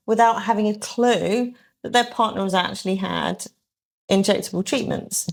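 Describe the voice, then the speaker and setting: A woman's voice: mid-range voice, normal speed, vocal fry. A woman talking as a guest on a podcast about her aesthetics work, thoughtful and hedging with many ums and restarts, with the odd dry sarcastic aside. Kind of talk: conversational podcast interview.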